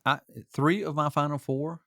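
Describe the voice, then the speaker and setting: A man's voice: a little high, fairly even intonation, normal speed, sharp tone, dry recording, clean studio sound. A man co-hosting a sports talk show, chatting casually and easygoing as he laughs along.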